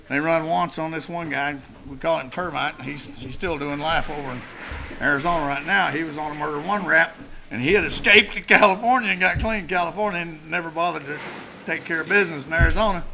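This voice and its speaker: A man's voice: fairly high pitch, vocal fry, sharp tone, a little hiss or hum, low-quality recording. An older man speaking at a recovery meeting, telling his story in a blunt, profane, storytelling way. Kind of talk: personal recovery talk. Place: meeting room.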